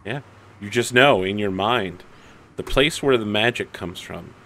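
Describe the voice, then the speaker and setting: A man narrating a tabletop game as game master in a dramatic, deliberate way. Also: lowish voice, bright, forceful tone, slight background noise, rough recording.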